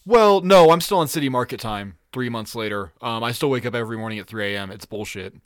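A man's voice: mid-range voice, fast, no echo, clean studio sound. A man co-hosting a podcast in casual chat, laughing often and swearing freely as he rambles. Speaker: podcast co-host.

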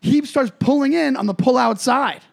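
A man's voice: very high voice, normal speed, gravelly. A man co-hosting a podcast in casual chat, telling rambling stories full of fillers like "uh" and "like.". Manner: rambling, filler-heavy storytelling. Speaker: podcast co-host.

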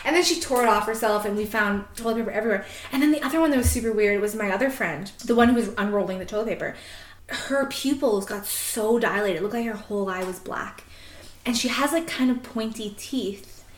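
A woman's voice: medium pitch, fairly quick, echoey room. A young woman casually telling a funny story on a podcast, laughing often and filling her talk with "like". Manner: giggly, frequent laughter and "like" fillers. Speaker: podcast co-host.

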